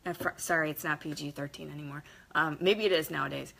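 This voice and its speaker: Bright, emphatic motivational woman. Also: sits low, quick pace, vocal fry. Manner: emphatic, energetic, blunt with mild swearing; acts out quotes in varied voices. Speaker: motivational vlogger. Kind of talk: casual motivational talk to camera.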